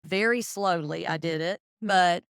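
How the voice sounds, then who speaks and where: Smooth-voiced woman telling her story. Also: lowish voice, a little slow, dry recording, studio quality. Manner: chatty, acts out quoted friends. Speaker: podcast guest. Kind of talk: casual storytelling interview.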